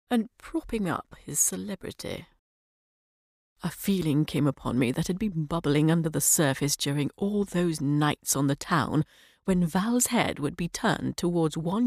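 A woman reading a short story aloud as a measured first-person narration, sometimes dropping to a soft whisper. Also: lowish voice, no echo, studio quality. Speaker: audiobook reader.

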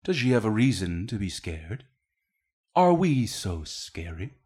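Brief: a controlling cybernetic father, as a game master puts him on, hushed, low and sinister. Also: sing-song, unhurried, slightly rough, heavily acted. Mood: soothing menace. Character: tall cold cybernetic executive father, calmly controlling.

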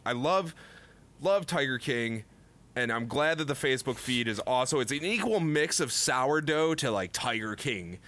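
A man co-hosting a casual podcast, ranting loudly and laughing often. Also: medium pitch, normal speed. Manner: loud, animated ranting with frequent laughs. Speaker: podcast co-host. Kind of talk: casual profane podcast banter.

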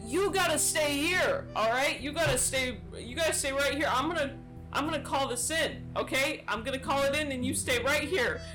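A woman's voice: high-pitched, normal speed, music in the background, voice pushed up, natural voice. A woman voicing a panicky male station guard in a tabletop game, frantic and repeating himself. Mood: flustered.

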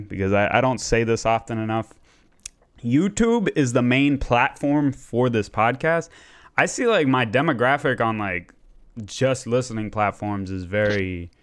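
A man's voice: fairly low pitch, smooth. A man hosting a casual podcast, rambling along and swearing freely. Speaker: podcast host.

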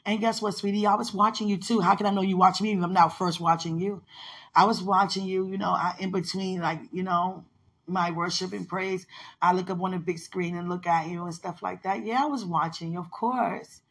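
A woman's voice: fairly low pitch, steady tone, fairly quick, slightly rough. A woman in casual, heartfelt one-sided talk, rambling and affectionate, often laughing, with religious phrasing.

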